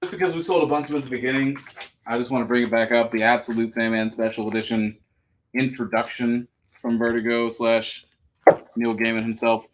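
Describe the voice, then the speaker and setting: A man hosting a live comic book sale, pitching each issue in a joking, profane, auctioneer-style way. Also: flat delivery, brisk, slight background noise. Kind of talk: casual live-stream sales patter.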